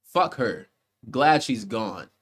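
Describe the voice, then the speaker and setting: A man's voice: medium pitch, big pitch swings, slow. Casual, profane male movie reviewer. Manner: rambling, profane, conversational, with frequent restarts.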